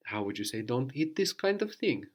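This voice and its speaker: A man's voice: medium pitch, big pitch swings, normal speed. A man teaching a guided language lesson, patiently prompting a student with questions and often checking with "no?".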